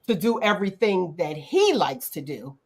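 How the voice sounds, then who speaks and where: A middle-aged woman hosting a casual talk show, animated and acting out quotes in playful voices. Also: fairly low pitch, normal speed. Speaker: podcast host. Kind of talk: casual chat.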